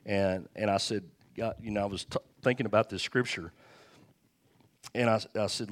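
A man with a fairly low voice preaches a morning sermon. He talks candidly and with humor, often turning to the congregation with asides and quick laughs. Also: steady tone. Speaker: pastor.

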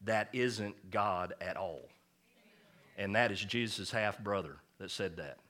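A pastor preaching to his congregation in a low, forceful voice, hammering points home with a folksy, joking edge. He leans on repetition and plain talk. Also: slow. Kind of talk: sermon.

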